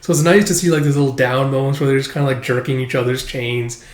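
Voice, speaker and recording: A man's voice: medium pitch, steady tone, fast talker, echoey room. A man giving a casual, rambling commentary on a manga chapter, filling his talk with "like" and "uh". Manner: rambling, heavy use of "like" and "uh" fillers.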